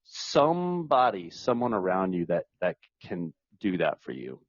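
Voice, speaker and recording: Very deep-voiced relaxed man. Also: a little slow, no room sound, dull audio. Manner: relaxed, conversational. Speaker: podcast guest. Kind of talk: casual interview chat.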